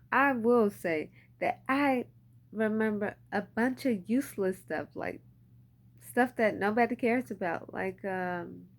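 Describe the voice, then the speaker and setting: A young woman, casually telling personal stories with lots of "like" and "um". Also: mid-range voice. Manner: chatty, frequent fillers like "like" and "um". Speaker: vlogger. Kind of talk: casual storytelling to camera.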